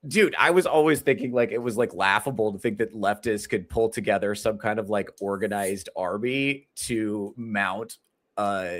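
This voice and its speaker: A man's voice: medium pitch, fairly bright tone. A male comedian hosting his own podcast, talking alone in a rambling, profane and exasperated way, full of fillers. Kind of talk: solo podcast monologue.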